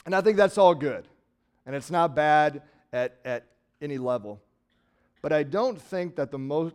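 A middle-aged man from Nebraska preaching a sermon in a conversational way, swinging from loud emphasis to quiet trailing words. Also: mid-range voice, smooth. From Nebraska, USA. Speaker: pastor.

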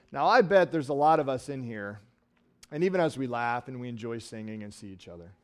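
A man's voice: medium pitch, a little mellow. A pastor preaching a sermon to his congregation in a church, talking conversationally and asking rhetorical questions. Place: church sanctuary.

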